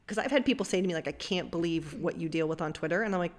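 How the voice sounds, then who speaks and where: Lower-voiced woman, emphatic and quippy. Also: very fast. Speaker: sports journalist. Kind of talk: casual panel chat.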